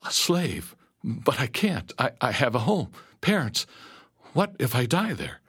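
A man's voice: medium pitch, expressive, takes it slowly, dark tone, breathy edge, dry recording, studio quality, voice pushed up, heavily acted. A man voicing a frightened young boy who stammers and pleads with his captors in a storybook reading. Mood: pleading.

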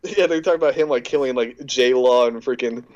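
A man co-hosting a laid-back podcast, telling jokes and stories in a loose, rambling way that leans on "like". His voice sits at an ordinary middle pitch for a man. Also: normal speed, a little mellow, lo-fi sound. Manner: casual, joking, leans on "like" a lot. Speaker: podcast co-host. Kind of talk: casual chat.

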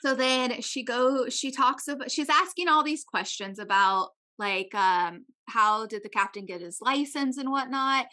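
A woman's voice: unhurried, few pauses. A woman telling a story in casual chat, acting out the people she quotes with big jumps in her voice. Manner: animated, acts out quotes with big pitch jumps.

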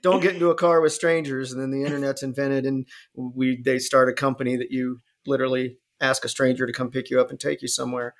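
A man's voice: mid-range voice, level tone, fast, few pauses. A man talking casually on a podcast, rambling, cursing and laughing as he goes. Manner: rambling, profane, laughs often, drops into mock voices. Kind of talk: casual chat.

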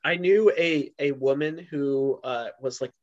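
A man's voice: medium pitch, a little slow. A man co-hosting a podcast in a casual chat, rambling with lots of fillers and restarts. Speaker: podcast co-host. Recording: dull lo-fi sound.

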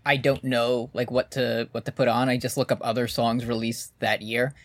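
A man's voice: mid-range voice, little pitch movement, normal speed, dry recording. Laid-back rambling man with a dry sound. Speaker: podcast co-host. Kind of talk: casual chat.

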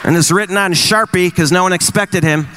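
A married man in his forties doing stand-up comedy, teasing the crowd and acting out quick exchanges in wry bits. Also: high voice, heavy background noise. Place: live venue with an audience.

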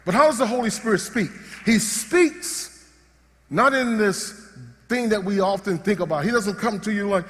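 A male pastor preaching a sermon, animated and joking, often restarting his sentences. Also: high voice, moderate pace. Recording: long hall reverb.

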